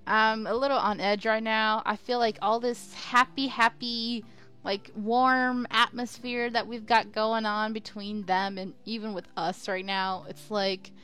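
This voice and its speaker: A woman's voice: on the high side, steady tone, unhurried, bright, forceful tone, clear, resonant tone, faint music behind. A woman streaming a story game, chatting giddily, laughing a lot and reading her own lines aloud. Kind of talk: live game commentary.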